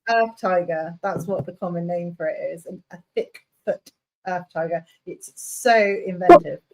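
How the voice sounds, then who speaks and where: A woman chatting casually on a livestream video call from home, playful and quick to laugh, fussing over how to pronounce Latin names. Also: fairly low pitch, heavy background noise. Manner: giggly, playful, corrects pronunciation. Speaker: livestream co-host. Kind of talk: casual chat. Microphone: phone on a video call.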